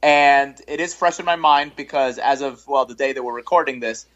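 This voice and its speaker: An easygoing man chats as a podcast guest, repeating words as he goes. His voice sits at a middle pitch, and the recording sounds dull and muffled. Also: moderate pace, a bit bright. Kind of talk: casual chat.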